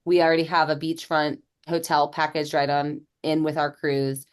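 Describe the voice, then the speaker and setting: A woman's voice: deep voice, little pitch movement, normal speed, clean tone. A woman co-hosting a podcast as a travel agent, chatty and teasing, explaining terms like a guide. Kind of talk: casual podcast chat.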